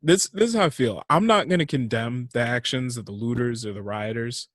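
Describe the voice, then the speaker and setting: A young adult man talks bluntly on a podcast, swearing freely and giving his opinions straight. His voice sits at an ordinary middle pitch, and the recording is dry and close, with almost no room sound. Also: brisk, no echo. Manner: blunt, profane, frank opinions. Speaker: podcast co-host. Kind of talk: casual podcast chat.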